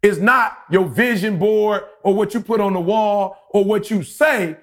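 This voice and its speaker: A man in his forties on a casual podcast, telling a story with lively acted-out quotes. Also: high-pitched, unhurried. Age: 40s. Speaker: podcast co-host.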